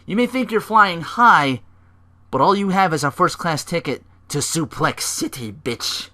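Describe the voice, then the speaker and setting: A man's voice: a little high, expressive, a little slow, bright, forceful tone, voice pushed up, heavily acted. A man doing a smug, taunting wrestling manager. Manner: boastful, taunting speech. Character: smug fast-talking male wrestling manager.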